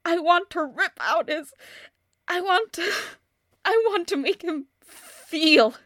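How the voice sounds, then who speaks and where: A woman voicing a distraught young woman in an audio drama monologue, tearful, her voice breaking, speaking in halting, stammering restarts. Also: very high voice, expressive, no room sound, studio quality, heavily acted. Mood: grief-stricken. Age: young adult. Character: grieving young woman, distraught, bent on revenge. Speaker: voice actor.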